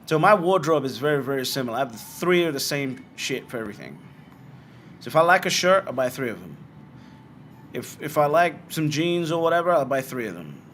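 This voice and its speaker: A man's voice: on the high side, fairly quick, a little hiss or hum. A young man from Britain hosting a livestream, answering viewer questions in blunt, casual chat with plenty of swearing. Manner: blunt, swearing, animated asides. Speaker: bitcoin livestream host.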